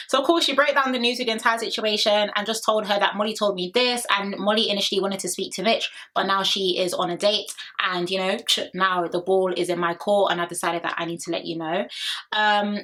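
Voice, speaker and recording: A woman's voice: mid-range voice, pushed and bright. A young woman giving a sassy, opinionated recap in casual chat and talking straight to her viewers. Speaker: reality TV recap vlogger. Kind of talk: casual chatty commentary.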